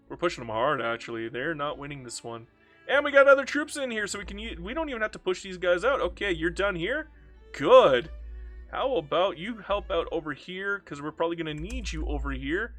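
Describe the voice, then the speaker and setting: Excitable man commentating a strategy game. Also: fairly high pitch. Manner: excitable, joking, frequent self-talk and repetition. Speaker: gaming YouTuber. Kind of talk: let's play commentary.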